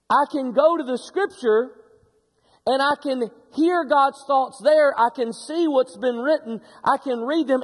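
A middle-aged man preaching a sermon, telling stories in an animated way with frequent restarts. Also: extremely high pitch, big-room sound. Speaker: pastor.

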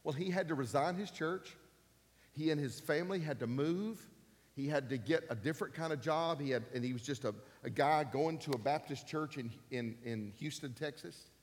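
Pastor in his fifties, emphatic and repetitive, with a fairly high voice and long church-hall reverb. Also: moderate pace. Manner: emphatic, repeats key phrases, rising to loud peaks. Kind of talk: sermon.

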